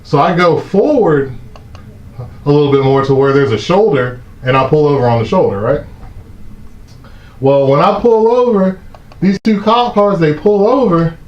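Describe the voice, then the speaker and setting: A man, hosting a live stream and telling a story in a casual, animated way, swearing often and acting out the shouting cops. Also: a little high, normal speed, pauses often. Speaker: host of a live stream talk show. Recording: echoey muffled room sound.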